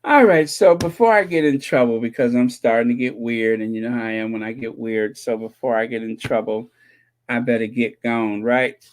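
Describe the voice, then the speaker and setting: The host of a royal commentary channel runs a casual live stream, reading viewers' comments aloud and answering them with jokes and sarcasm. He laughs and repeats himself often, in a medium-pitched voice with a darkish tone.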